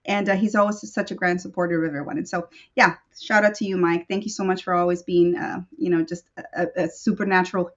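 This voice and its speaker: A woman co-host, chatting on a video call and gushing through shout-outs. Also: fairly low pitch, steady tone, fast, hardly any pauses, muffled recording. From Texas. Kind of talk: casual chat.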